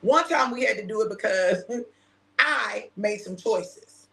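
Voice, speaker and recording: A woman's voice: medium pitch, lively intonation, slow pace, creaky, a bit bright, roomy sound. A woman minister hosting a casual chat, telling a personal story with laughter and acting out the quoted dialogue. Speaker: minister and show host.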